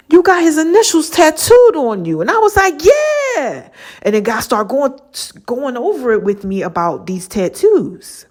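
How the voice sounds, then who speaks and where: A woman with a fairly high voice talks straight to her listeners in a loose, chatty storytelling style. She is lively and expressive and keeps acting out old conversations line by line. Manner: animated, acts out both sides of conversations; chatty, addresses listeners as baby and child. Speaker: podcast host. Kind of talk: casual storytelling monologue.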